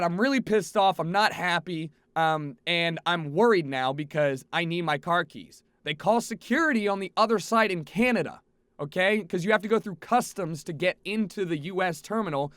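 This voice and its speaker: A young man with a high, bright voice recounts a travel mishap, swearing freely and swinging from exasperated near-shouts to quiet grumbles. He sounds close on a headset, in a dry room with no echo. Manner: animated, profane, swings from exasperated shouting to low mutters. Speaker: streamer telling a travel story. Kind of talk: casual storytelling to camera.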